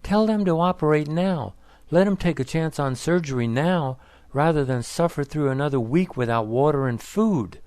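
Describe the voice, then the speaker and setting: A man's voice: fairly high pitch, expressive, moderate pace, darkish tone, no room sound, close to an everyday voice. A man reading the lines of a worried grown son who asks urgent, pleading questions.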